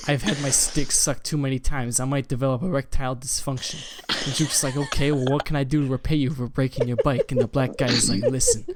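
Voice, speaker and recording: A man's voice: mid-range voice, steady tone, fast, few pauses. A young man streaming live, rambling through a crude improvised story. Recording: loud background noise.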